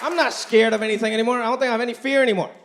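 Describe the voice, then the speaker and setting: A man in his thirties doing an animated, self-deprecating stand-up comedy routine on stage. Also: very high voice, racing, a crowd in the background, background noise. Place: comedy stage before a live audience. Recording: live club with audience laughter.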